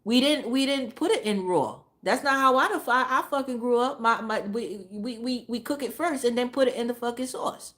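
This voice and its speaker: A woman's voice: fairly high pitch, moderate pace, hardly any pauses, fairly bright tone. Profane woman venting a storytime rant. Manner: profane, emphatic, repeats phrases for emphasis. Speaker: live streamer. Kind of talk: casual ranting storytime.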